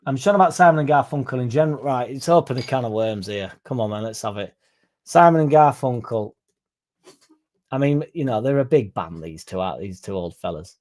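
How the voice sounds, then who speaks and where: A man's voice: medium pitch, expressive, fairly quick, a little mellow. A young man with a Yorkshire accent hosting a casual livestream podcast, rambling and swearing freely as he reads out chat messages. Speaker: podcast host.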